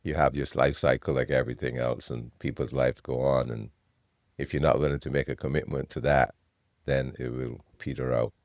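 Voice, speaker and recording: Male host, very low voice, calm conversational interviewer, dry close recording. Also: moderate pace, no room sound.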